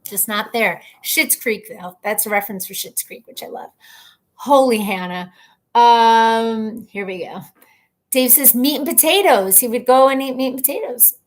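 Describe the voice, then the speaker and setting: A slightly high-voiced woman in her thirties speaks at a measured pace while hosting a casual live stream from home. She reads viewer comments aloud, chatting and rambling, and laughs at herself.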